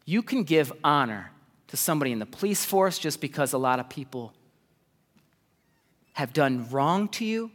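A man preaching a sermon as pastor, animated, with sudden jumps in pitch and voiced asides, in a church. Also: normal speed, pauses often. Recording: long reverb of a large hall.

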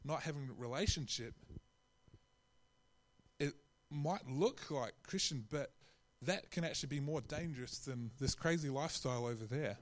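A man's voice: medium pitch, normal speed. A man preaching a sermon in a conversational way, often restarting his phrases and acting out quotes.

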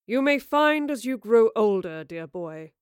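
A woman voicing a portly, wounded older gentleman. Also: high voice, big pitch swings, measured pace, clean tone, dry recording, clean studio sound. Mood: wistful. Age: 40s. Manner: formal, old-fashioned phrasing. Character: older man, portly, wounded, dignified, melancholy.

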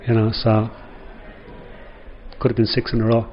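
A man's voice: lowish voice, completely flat delivery, normal speed. An older Irish man spins long, meandering football stories and peppers them with "you know". The recording sounds muffled, with a faint hiss underneath. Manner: rambling anecdotes with frequent "you know". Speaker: former footballer guest. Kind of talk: storytelling interview.

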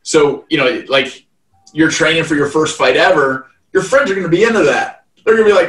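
A man in his thirties chats as an interview guest in a fairly high voice, piling up fillers and restarting his sentences as he goes. He sits well back from the mic in an echoey room. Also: normal speed, fairly bright tone. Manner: rambling, heavy "like" fillers and restarts. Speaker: guest, fight event promoter. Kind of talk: casual interview chat. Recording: roomy, distant mic.

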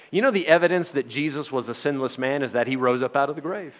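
A man's voice: medium pitch, fast, hardly any pauses. A man preaching a sermon in a folksy, joking manner, with frequent laughs.

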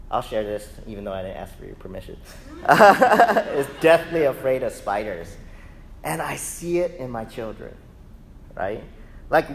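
A man in his thirties preaching a sermon, telling lively family stories and then settling into a calmer teaching tone. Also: medium pitch. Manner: animated storyteller who acts out family members' voices. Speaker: pastor.

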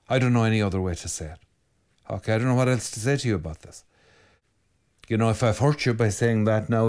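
An Irish priest talks straight to his listeners, reading out their comments and answering them frankly. His voice sits on the low side for a man. He speaks with animated emphasis and doesn't soften his opinions. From Ireland. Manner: blunt, animated, reads comments aloud then answers them.

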